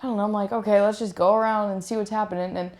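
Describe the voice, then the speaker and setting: Young woman, casual storyteller, fillers galore, animated quotes, mid-range voice. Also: very fast. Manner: animated, acts out quotes in higher voice; many fillers, "like" and "I'm like". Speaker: pro beach volleyball player.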